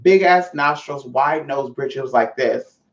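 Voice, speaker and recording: A woman's voice: very deep voice, slow. Woman, livestream host, brassy and profane, says honey a lot, roomy echo, muffled lo-fi sound. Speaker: livestream host reading chat. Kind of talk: casual livestream chat. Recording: roomy, distant, dull lo-fi mic.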